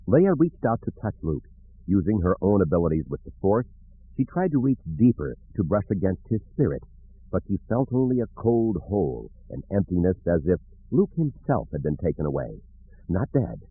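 A man narrating an audiobook in an expressive storytelling manner, with a husky voice. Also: low voice, normal speed. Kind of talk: scripted narration. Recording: narrow phone-like audio.

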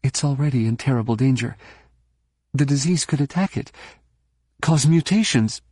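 A man voicing a tense, proud young woman warrior in a soft, strained, raised voice, within a novel reading. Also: medium pitch, lively intonation, normal speed, no echo, studio quality, pitched above the performer's own voice, close to an everyday voice. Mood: anxious.

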